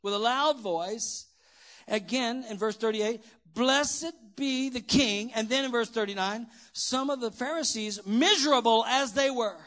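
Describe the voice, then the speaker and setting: Brief: male pastor, high voice, rising from quiet to shouted praise. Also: moderate pace. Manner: preaching with call-and-response questions, swinging from quiet to shouting. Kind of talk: sermon. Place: church.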